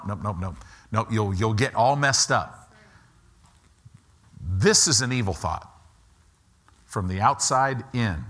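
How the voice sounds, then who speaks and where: A man's voice: medium pitch, sharp tone. A middle-aged man preaching a sermon, emphatic and repetitive, leading the congregation in call-and-response. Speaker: pastor.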